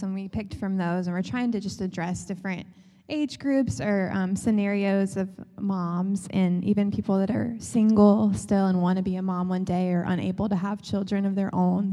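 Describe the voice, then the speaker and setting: A woman leading a church panel, reading out submitted questions in a relaxed, candid way. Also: mid-range voice, moderate pace, hardly any pauses, big-room sound.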